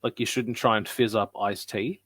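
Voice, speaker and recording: A man's voice: fairly low pitch, steady tone, normal speed, a bit bright, no echo. A man chatting casually as a podcast co-host, telling stories and acting out what his wife said. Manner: chatty storyteller, acts out his wife's lines.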